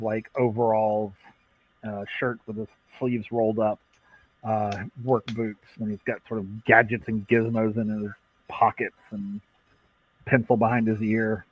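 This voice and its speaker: A man's voice: on the low side, measured pace, dry recording. A man running a tabletop game as game master, narrating casually with lots of fillers. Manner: relaxed, with many fillers and laughs. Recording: dull dry lo-fi mic.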